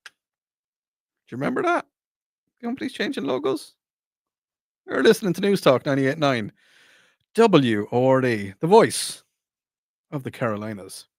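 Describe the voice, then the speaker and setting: A middle-aged man from Ireland hosts a casual radio talk show, rambling, animated, and often restarting his sentences. His mid-range voice moves at a moderate pace with frequent pauses. It's captured on a studio microphone with clean sound and no room echo.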